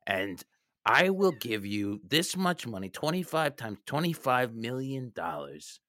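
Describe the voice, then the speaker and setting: A man's voice: medium pitch, sing-song, a little slow, fairly bright tone, dry recording, studio quality. A man co-hosting a comedy podcast, improvising as a pompous rich film producer. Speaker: podcast co-host.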